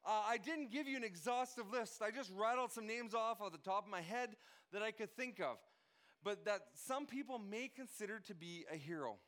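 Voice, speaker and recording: He's a pastor giving a sermon with an animated, fairly bright high voice at a moderate pace. His delivery is earnest, full of repeated and restarted phrases, and includes lists of names.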